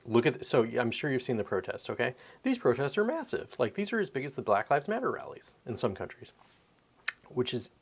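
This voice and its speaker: A man in his thirties hosting a podcast, ranting in a profane, animated, rambling way. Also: medium pitch, husky. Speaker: podcast host. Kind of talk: casual opinion rant.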